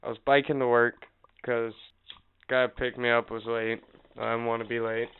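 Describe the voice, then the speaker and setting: Animated profane man with a tinny sound. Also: medium pitch, normal speed, smooth. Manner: animated, profane, acts out quotes. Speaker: podcast co-host. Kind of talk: casual storytelling chat.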